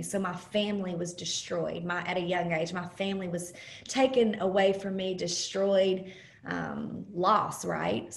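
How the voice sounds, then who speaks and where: A woman giving an earnest, halting personal testimony as a guest speaker over a video call, pausing often with fillers. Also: lowish voice, gravelly. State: close to tears at times. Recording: roomy video call audio.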